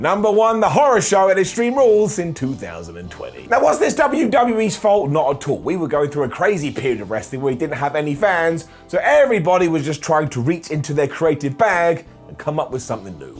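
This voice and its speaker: A man hosting a wrestling ranking video, losing his voice and talking in an animated, theatrical way. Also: fairly high pitch. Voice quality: husky. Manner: animated and theatrical, dramatic pauses. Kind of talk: opinionated ranking commentary.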